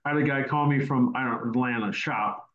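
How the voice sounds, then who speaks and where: A man with a medium-pitched, brisk voice runs a casual Q&A teaching session over a video call, rambling and repeating words as he goes. The call audio sounds roomy and dull.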